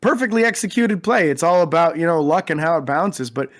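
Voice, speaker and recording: Man, podcast co-host, steady analytical read on players, a bit high-pitched. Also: brisk. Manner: methodical player breakdowns. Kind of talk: casual sports podcast chat.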